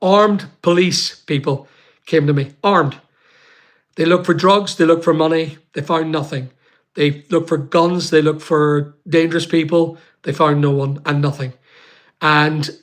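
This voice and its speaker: A man telling his own story on a livestream, emphatic and repetitive, pausing often with fillers. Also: on the high side. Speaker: YouTuber on a livestream. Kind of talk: emotional personal account.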